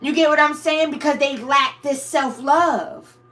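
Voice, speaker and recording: A woman's voice: high voice, fairly even intonation, unhurried, a bit bright, soft background music. A woman giving a channeled tarot reading to her viewers, casual and blunt, swearing freely and calling them her babies. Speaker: tarot reader.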